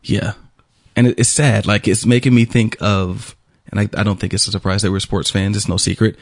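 A man's voice: fairly low pitch, level tone, fairly quick, vocal fry, dry recording, studio quality. A man co-hosting a radio show, chatting casually with lots of ums and laughs. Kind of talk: casual banter.

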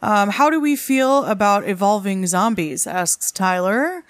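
A woman's voice: mid-range voice, animated, a little slow, no echo. A woman co-hosting a live stream in casual chat, upbeat, laughing a lot and reading out viewer comments. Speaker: co-host.

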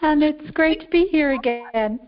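An Irish woman rings in to the show and chats in an upbeat, easygoing way. Her voice sits fairly high. Her call comes through dull and lo-fi. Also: normal speed, over music. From Ireland. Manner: chatty, upbeat. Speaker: caller. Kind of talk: casual phone-in chat.

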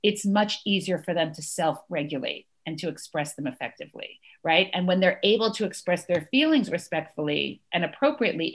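A woman in her thirties, a parenting educator, explaining in an interview and often checking in with "right?". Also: lowish voice. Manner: earnest, often adds "right?" to points.

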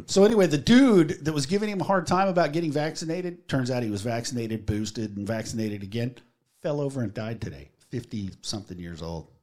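A man's voice: medium pitch, lively intonation, brisk, a little mellow. A man co-hosting a podcast, telling stories casually, crude and laughing. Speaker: podcast co-host. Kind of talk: casual chat.

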